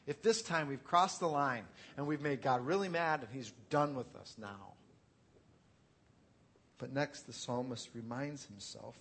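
A pastor preaching an earnest, conversational sermon, swinging from quiet reflection to loud, pleading intensity. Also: male voice, mid-range voice, a little hiss or hum.

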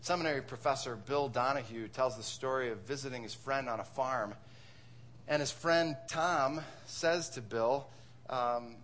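A man's voice: mid-range voice, moderate pace. A man from Wisconsin preaching a sermon as pastor, conversational, asking rhetorical questions and repeating words.

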